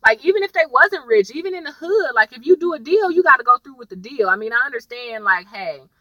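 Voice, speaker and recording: A woman's voice: high-pitched, expressive, fast talker, pushed and bright, dry recording, far from the mic, lo-fi sound. A young woman chatting casually as she recaps a TV episode, slangy and storytelling. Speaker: TV episode reviewer.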